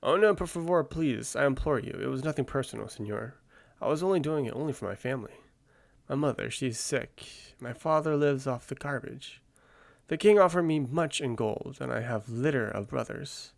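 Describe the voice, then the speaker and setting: A man's voice: medium pitch, normal speed, vocal fry, no room sound, natural voice. A man voicing a pleading male cat swordsman with a put-on Spanish accent, as a whispered role-play. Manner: soft and imploring.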